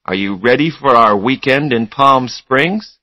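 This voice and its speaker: A man reading a storybook, voicing a confident but bitter young businessman who talks quietly and curtly. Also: medium pitch, lively intonation, a little slow, no echo, voice pushed up. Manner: quiet, curt.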